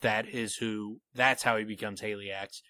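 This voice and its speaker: Guy on a book podcast, bright voice, dry close mic, walking through his theory. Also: fairly low pitch, unhurried, no room sound. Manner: animated, explains theories, reads quotes aloud. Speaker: podcast co-host. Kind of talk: casual book discussion.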